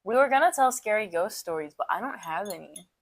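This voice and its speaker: A woman's voice: medium pitch, expressive, a little fast. A young adult woman co-hosting a podcast in casual chat, rambling and giggly, often saying "literally". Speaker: podcast co-host.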